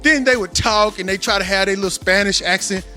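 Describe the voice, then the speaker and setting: High-voiced bright man, rambling host. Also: fairly quick, soft background music. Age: 40s. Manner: rambling, profane, animated storytelling. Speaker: podcast host. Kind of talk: casual podcast monologue. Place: home recording studio.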